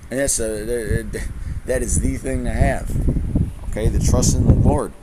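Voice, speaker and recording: A man's voice: mid-range voice, fairly even intonation, measured pace. A man preaching to his video viewers in a profane rant. He swears a lot, repeats himself and ends his lines with "okay?" and "man". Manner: repeats and restarts phrases. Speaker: religious video host. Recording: noisy room with air conditioner hum.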